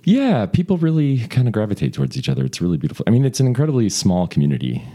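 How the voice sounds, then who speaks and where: A man's voice: on the low side, huge pitch swings, very fast, mellow. A man, a stage actor and singer, chatting as a guest with a playful, easygoing manner and frequent laughs. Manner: playful, laughs often, agreeable. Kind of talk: casual chat.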